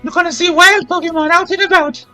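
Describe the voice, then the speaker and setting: A man voicing a cheery game guide character in an exaggerated falsetto while reading the game's dialogue aloud. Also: fairly even intonation, fast talker, pushed and bright, soft background music, heavily acted. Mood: chirpy.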